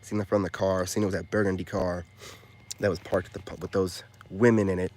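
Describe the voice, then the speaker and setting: Man, loud, excitable storyteller, acts out quoted voices. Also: low voice, fast talker. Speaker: commentary channel host. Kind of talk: animated storytelling monologue.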